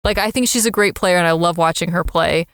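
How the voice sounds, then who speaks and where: A woman's voice: on the low side, brisk, a bit bright, clean tone, no room sound. Laughing woman podcast co-host. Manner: chatty, laughs easily, lots of fillers like "like". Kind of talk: casual podcast chat.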